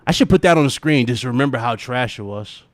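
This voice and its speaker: A man hosting a gaming livestream, ranting and laughing in animated, profane casual chat. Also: mid-range voice, quick pace, no room sound.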